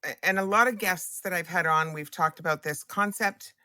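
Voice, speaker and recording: Bright-voiced woman hosting, dry sound. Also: fairly low pitch, normal speed, dry recording. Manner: frank and chatty, swears casually. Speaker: podcast host. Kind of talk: casual interview chat.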